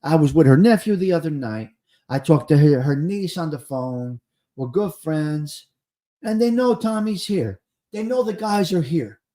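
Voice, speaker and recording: Male live-stream host, New Jersey accent, warm mellow tone, chatty and repetitive. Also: on the high side. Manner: chatty, repeats phrases for emphasis. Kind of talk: casual live-stream chat.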